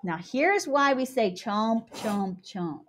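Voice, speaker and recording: A young woman teaching young children, animated and sing-song as she chants rhymes and talks through each step. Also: fairly high pitch, takes it slowly. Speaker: kindergarten teacher.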